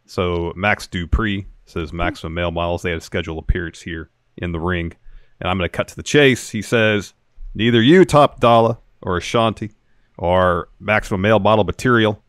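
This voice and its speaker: Male co-host, lowish voice, steady recap delivery, dry close mic. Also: brisk, smooth, no echo. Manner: steady play-by-play retelling of segments. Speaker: wrestling podcast co-host. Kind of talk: casual show recap chat.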